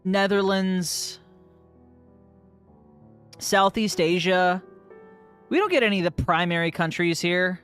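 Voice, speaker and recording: A game master bantering with players before a tabletop game, excitable, teasing and swearing freely. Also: mid-range voice, slow, long pauses, smooth, faint music behind.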